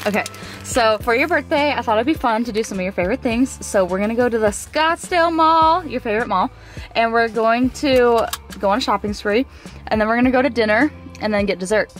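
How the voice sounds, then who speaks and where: A woman's voice: fairly high pitch, a little fast. Playful young woman vlogging, music behind. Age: 20s. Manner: playful, teasing and excitable. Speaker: vlogger host. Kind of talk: casual vlog with her sister.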